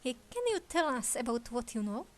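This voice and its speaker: A woman voicing a brisk young male defense lawyer who questions witnesses. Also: on the high side, sing-song. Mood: probing.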